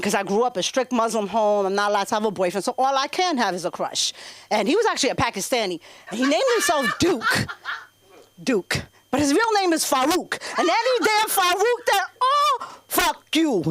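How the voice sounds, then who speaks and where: A woman in her thirties with a New York accent, doing brash, profane stand-up comedy at an open mic. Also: sits high. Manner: brash, profane, loud and animated.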